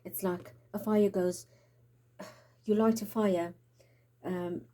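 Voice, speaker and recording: This tarot reader has a mellow mid-range voice with fairly even intonation, and she takes her time. Even so, her reading sounds urgent and prophetic; she is out of breath, shaking, and occasionally whispering in this spiritual monologue.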